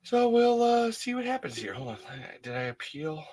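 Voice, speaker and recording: A man's voice: extremely high pitch, big pitch swings, normal speed, a little mellow. Guy hosting his own podcast, rambling on solo, candid, keeps restarting his sentences. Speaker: podcast host. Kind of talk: casual solo monologue.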